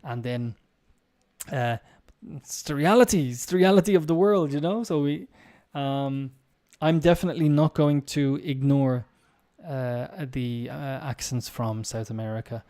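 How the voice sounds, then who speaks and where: A man's voice: medium pitch, measured pace, warm tone. An English teacher with an Irish accent, musing in a casual live-stream chat and talking directly to his viewers. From Ireland.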